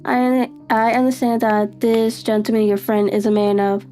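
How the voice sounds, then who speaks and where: A woman's voice: fairly high pitch, fairly even intonation, normal speed, warm tone, soft background music, lightly acted. A woman voicing an imposing, secretive masked nobleman in a live story reading. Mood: grave.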